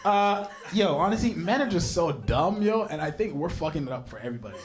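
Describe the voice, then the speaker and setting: Young male comic on stage, higher voice that swings all over, animated storyteller, works the crowd. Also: a little fast, slight background noise. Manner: animated storytelling with big voice jumps for quoted people; banters with the crowd. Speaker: stand-up comedian. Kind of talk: stand-up comedy set. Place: comedy stage before a live audience.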